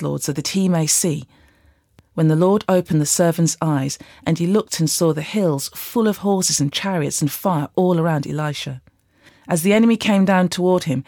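A woman reads scripture aloud in a steady, measured way. Her voice sits a little low, and the recording is close and dry with no room sound. She gently lifts her voice for quoted speakers. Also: dry recording. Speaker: Bible reader.

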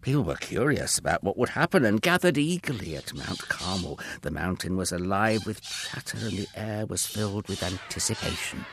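Expressive low-voiced male storyteller. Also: moderate pace, few pauses, background noise. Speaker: narrator. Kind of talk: scripted children's Bible story narration.

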